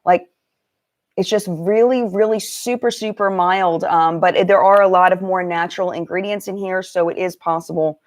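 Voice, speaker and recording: A woman's voice: fairly low pitch, steady tone, moderate pace. A woman hosting a casual live-stream chat, greeting viewers one by one and talking about makeup products. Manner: chatty, warm greetings to viewers, many fillers. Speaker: beauty channel host.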